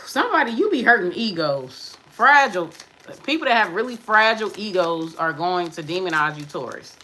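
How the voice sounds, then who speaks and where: A woman tarot reader talking to her viewers in a brash, profane, sassy way, with emphatic bursts and quick muttered asides. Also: lowish voice, lively intonation, bright, forceful tone, rough recording. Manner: emphatic, with sudden drops to mutters. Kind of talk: live tarot reading monologue.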